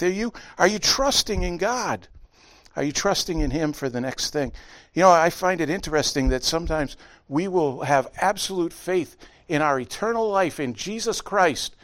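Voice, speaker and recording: A middle-aged man preaching a sermon as pastor, telling stories with lively impressions. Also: a little high, normal speed. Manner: animated storytelling with honking impressions.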